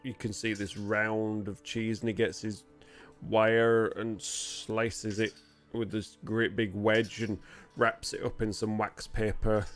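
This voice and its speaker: Northern English male game master: slow, chatty, self-deprecating, close-miked over faint music. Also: on the low side, flat delivery. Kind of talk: narrating a tabletop game. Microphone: close mic.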